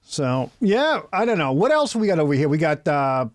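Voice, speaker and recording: A man's voice: a little high, big pitch swings, moderate pace, no echo, studio quality. Joking Boston man hosting a chat. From New England. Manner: joking, rambling, laughs a lot. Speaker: host. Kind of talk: casual chat on a live audio space.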